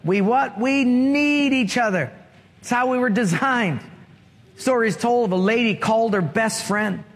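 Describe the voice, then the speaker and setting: A man's voice: very high-pitched, unhurried. A male pastor preaching a sermon, asking rhetorical questions and drawing call-and-response from the congregation. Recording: long reverb of a large hall.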